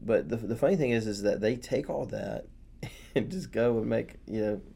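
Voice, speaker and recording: A man's voice: fairly low pitch, normal speed, gravelly, dark tone, slightly rough. A man co-hosting a casual Bible study talk, rambling with many fillers and restarts. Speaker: podcast co-host.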